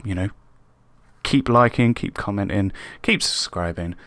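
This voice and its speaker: A man hosting his own gaming channel, commentating a football management game casually, excitable and prone to yelling at his players. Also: lowish voice, unhurried, no room sound. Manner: excitable, shouting at players, swings between frustration and resignation. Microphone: webcam microphone.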